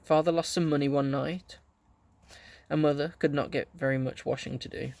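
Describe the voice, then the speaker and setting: A man reading a children's story aloud, gently telling it and lightly voicing the characters. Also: fairly high pitch, fairly even intonation, normal speed, gravelly, no room sound. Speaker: audiobook reader.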